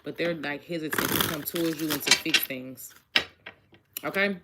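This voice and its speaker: At normal speed and with a low-sitting voice, a woman talks through heavy background noise. She's an adult with a child doing a casual tarot reading, chatty and repetitive, voicing each question and addressing viewers head-on.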